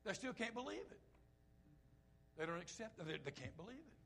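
A man preaching a sermon, dropping to hushed asides and rising to loud, impassioned lines, in a conversational way. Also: high voice, big pitch swings, fairly quick, vocal fry, slight background noise. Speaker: pastor.

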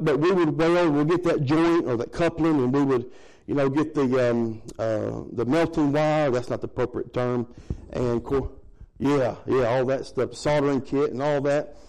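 A man's voice: medium pitch, normal speed, darkish tone, rough recording. A middle-aged man preaching a sermon in a folksy, conversational way, chuckling between points. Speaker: pastor.

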